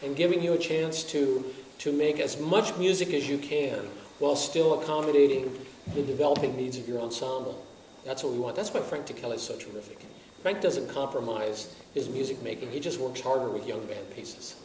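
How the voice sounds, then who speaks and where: Lecturing music teachers at a teaching workshop, a wind band conductor speaks in a mid-range voice at a fairly quick clip. Lots of rhetorical questions and frequent chuckling mark his animated style. He's heard from afar in an echoey room, over a faint hiss.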